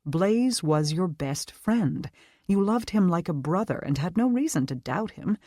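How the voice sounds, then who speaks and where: An audiobook narrator voicing a gentle American woman guard who speaks softly and sympathetically. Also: medium pitch, moderate pace, no room sound, studio quality, voice pushed up, natural voice. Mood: consoling. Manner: soft, sympathetic.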